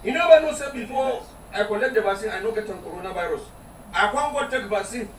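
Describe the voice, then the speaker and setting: Brief: fast, excitable Nigerian man in a skit, recorded from afar in an echoey space. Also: sits high. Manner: excitable, exclaiming, argumentative. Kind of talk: Nigerian Pidgin comedy skit. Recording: roomy sound from a distance with faint noise.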